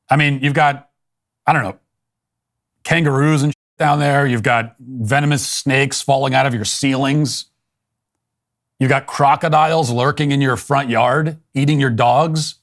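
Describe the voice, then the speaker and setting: A man from the United States hosting a commentary show, speaking in a sardonic, mocking, deadpan way as he reads out a news article and responds to it. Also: mid-range voice. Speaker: political commentator host. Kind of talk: scripted monologue with reading aloud.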